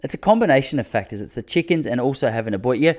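A man chats casually outdoors in his backyard, telling loose, rambling stories. He often restarts mid-sentence and stays at a middling pitch. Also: expressive, racing. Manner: rambling, self-interrupting, drops to a hushed mutter when the neighbour passes. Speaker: vlogger talking to his audience. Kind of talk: casual storytelling monologue.

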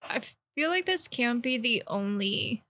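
Slightly high young woman, wry. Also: expressive, a little slow, bright, forceful tone, a little hiss or hum. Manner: wry, questioning, easily grossed out. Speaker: movie reaction co-host. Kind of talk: casual movie reaction chat.

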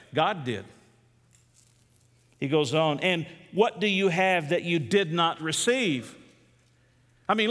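Male pastor, sermon delivery, emphatic with rhetorical questions, slightly high voice, long hall reverb. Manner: emphatic, rhetorical questions, swings from loud to hushed.

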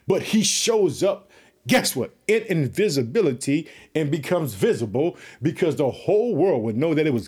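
Male preacher, fervent and repetitive, voice a touch high. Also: a little mellow, husky. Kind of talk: sermon.

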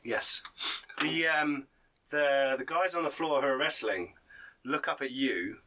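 Guy game-mastering a tabletop game, bright voice, gory descriptions, lots of likes and uhs. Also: mid-range voice, measured pace. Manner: vivid, gory play-by-play with laughs and filler.

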